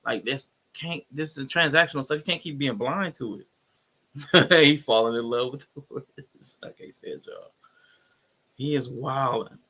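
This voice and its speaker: A man's voice: medium pitch, normal speed. A man co-hosting a casual podcast chat, commenting with jokes and slang. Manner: joking, animated commentary. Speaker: podcast co-host.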